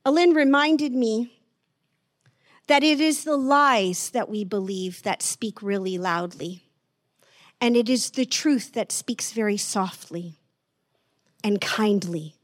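Soft-spoken woman preaching slowly. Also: on the high side, dry recording, studio quality. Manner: gentle, slows down to stress words, drops to near whisper. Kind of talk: sermon. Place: online church service.

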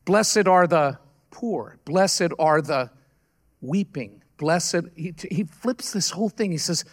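A man delivers a sermon in a noticeably high voice. His delivery is conversational and earnest, full of stories told with halting restarts and self-corrections. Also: animated. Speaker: pastor.

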